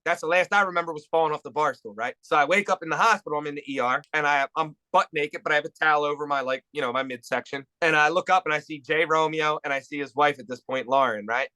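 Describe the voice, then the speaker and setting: A man telling a profane story with animated energy in a casual podcast chat. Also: fairly high pitch, fast, hardly any pauses, no echo. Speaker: podcast co-host.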